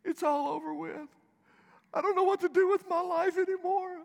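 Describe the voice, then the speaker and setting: A man voicing a despairing young male athlete, high and whiny, from the pulpit. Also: steady tone, moderate pace, gravelly, long reverb tail.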